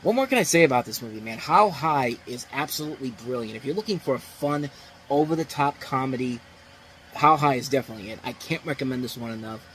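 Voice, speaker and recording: A male movie reviewer talking off the cuff at a middle pitch, full of excitement. His voice swings up and down a lot as he rambles, restarts his sentences and breaks into laughs. A faint hiss sits under his voice. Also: fast, poor audio. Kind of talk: casual spoken review.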